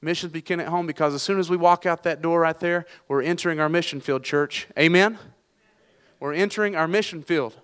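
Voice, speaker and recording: Male pastor preaching, middle-aged, folksy, self-deprecating, resonant voice, slightly high. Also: brisk, fairly bright tone, clean tone, in a large hall. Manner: folksy and self-deprecating, frequent restarts and fillers. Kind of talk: sermon.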